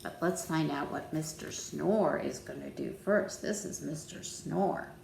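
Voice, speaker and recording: A woman reading a picture book aloud to children, gentle and playful, inviting them to join in. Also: low-pitched, a little slow, gravelly, reverberant, a little hiss or hum.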